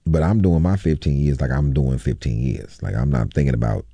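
A male comedian, a guest on an interview show, telling stories in an animated, sarcastic way. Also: a bass voice, brisk, creaky, breathy edge, no echo. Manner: animated, sarcastic, laughing storytelling. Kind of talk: storytelling interview.

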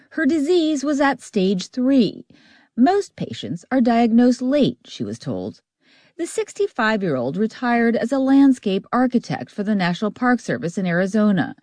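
A woman radio correspondent reading a scripted news report in a measured, expressive way. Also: on the high side, no echo.

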